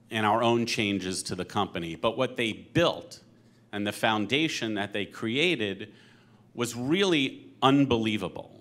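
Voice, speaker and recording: A man speaking at a panel conversation as a company co-president, earnest and halting, getting teary. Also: medium pitch, a bit bright. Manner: earnest, emotional, halting with fillers. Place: synagogue event hall.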